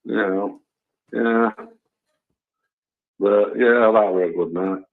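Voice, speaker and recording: A creaky, fairly low-pitched man rings a talk show and tells a meandering tale slowly and in a steady tone. The phone line sounds tinny, and his chatty story leans heavily on "you know" and "and all that."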